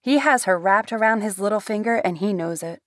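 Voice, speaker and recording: A woman narrating a first-person novel aloud in an expressive storytelling manner. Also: mid-range voice, fairly quick, no room sound, clean studio sound.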